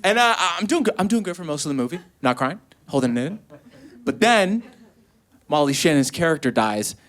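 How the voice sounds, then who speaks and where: A man doing a stand-up comedy set on stage, telling stories animatedly and acting out quotes in high voices. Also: sing-song, brisk, fairly bright tone. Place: comedy stage before a live audience.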